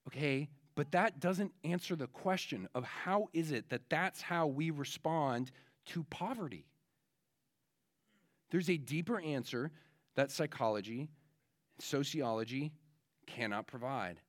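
A man's voice: a little high, a little slow. Casual-sounding man preaching a sermon. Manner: casual, with frequent fillers and restarts. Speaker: pastor. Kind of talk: conversational sermon.

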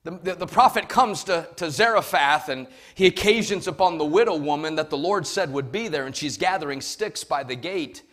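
Emphatic middle-aged preacher. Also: male voice, fairly high pitch, moderate pace, hardly any pauses. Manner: emphatic, storytelling, swings from shouting to hushed. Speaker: pastor. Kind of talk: sermon.

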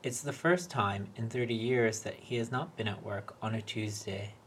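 A man reading a short story aloud in a wry, deadpan way. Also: on the low side, moderate pace, a little hiss or hum. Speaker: reader.

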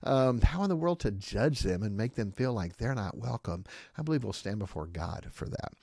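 A pastor's gravelly, slightly rough voice sits on the low side as he talks at a moderate pace on his podcast. He speaks emphatically, checks in with "okay?", and voices quotes in a lively way. The recording is dry and studio quality.

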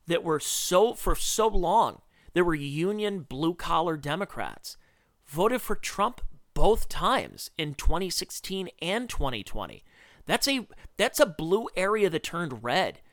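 Male podcast host, slightly high, lively sarcastic ranter, bright edge. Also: no echo, studio quality. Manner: animated, ranting, sarcastic. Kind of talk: opinionated political commentary.

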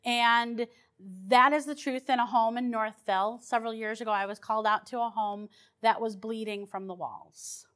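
A woman's voice: a little high, fairly even intonation, normal speed, a bit bright. A woman paranormal investigator telling her stories in a chatty, rambling way, with restarts and fillers. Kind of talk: casual storytelling.

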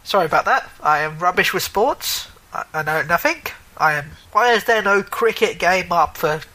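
A man chatting casually about video games on a podcast, his voice bright and forward. He rambles, stumbles over names and keeps correcting himself, with a joking edge to it all. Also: sits high, lively intonation, normal speed, low-quality recording. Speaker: podcast co-host. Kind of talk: casual gaming chat.

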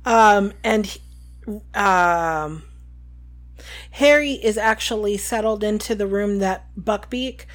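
A woman's voice: medium pitch, slow. A woman co-hosting a podcast, casually recapping a book chapter with lots of ums. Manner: retells scenes with filler ums and quoted lines. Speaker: podcast co-host.

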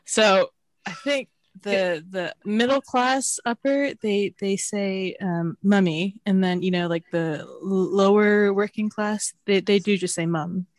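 A woman's voice: mid-range voice, steady tone, takes it slowly, no echo. A woman in casual chat, talking in a hesitant, chatty way with frequent fillers.

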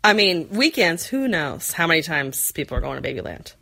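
A woman's voice: sits low, brisk, creaky. Chatty forty-something woman telling a story. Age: 40s. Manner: rambling, animated, lots of fillers and put-on voices. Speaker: podcast co-host. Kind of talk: casual storytelling chat.

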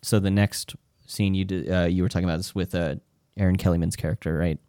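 A man's voice: sits low, steady tone, fast talker, dark tone, no room sound. A man casually talking through a film's scenes with friends, rambling and restarting as he retells them. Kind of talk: casual film discussion.

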